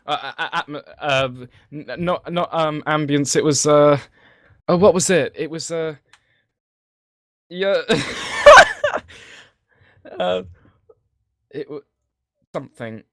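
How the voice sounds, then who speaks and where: A man co-hosts a relaxed live-streamed podcast, stumbling through fillers and restarts as he talks. His pitch swings widely and animatedly. The recording is dry and close, with no room sound. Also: slow, long pauses, no room sound. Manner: hesitant, lots of fillers and restarts. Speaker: podcast co-host. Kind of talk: casual live-stream chat.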